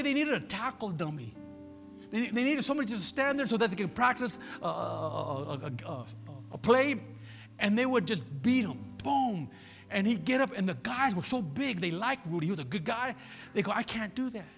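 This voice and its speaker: Animated, gravelly-voiced preacher in a church. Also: male voice, normal speed, big-room sound, faint music behind. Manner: animated preaching, swinging between loud peaks and low murmurs. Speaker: pastor. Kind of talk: sermon.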